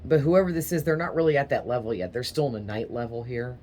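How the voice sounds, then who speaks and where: This tarot reader talks quickly in a rumbling low, mellow voice during a casual reading, rambling and faltering with small stutters. A little hiss or hum can be heard.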